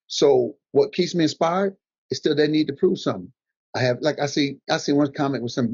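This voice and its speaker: Older man, animated husky storyteller. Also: a little high, quick pace. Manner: animated storyteller, acts out quotes. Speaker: guest comedian. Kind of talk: motivational conversation. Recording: dull lo-fi audio.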